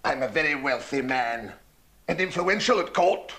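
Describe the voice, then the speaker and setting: An actor playing a lecherous, wealthy lord who speaks suavely and with innuendo, in a husky voice. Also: male voice, mid-range voice, lively intonation, moderate pace, pushed and bright.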